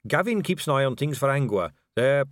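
A man's voice: mid-range voice, expressive, fairly quick, no room sound, clean studio sound, natural voice. A man voicing a cheerful, earnest young male watch captain who is polite and keeps saying sir.

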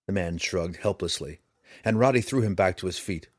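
A man reading a fantasy novel aloud with dramatic, expressive narration. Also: deep voice, moderate pace, dry recording, clean studio sound. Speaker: audiobook narrator.

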